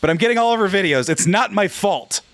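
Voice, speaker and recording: Host pitch: bright, high, bouncy male podcast host from California who jokes around a lot. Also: quick pace, no echo. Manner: animated, joking, teasing. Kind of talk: casual chat.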